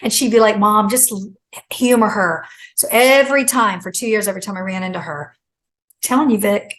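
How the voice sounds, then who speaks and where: A middle-aged woman, a guest author on a talk show, tells a personal story with lively storytelling and acts out the quoted voices. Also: brisk, a little hiss or hum, poor audio. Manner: acts out quoted speech with big pitch jumps. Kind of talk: animated storytelling.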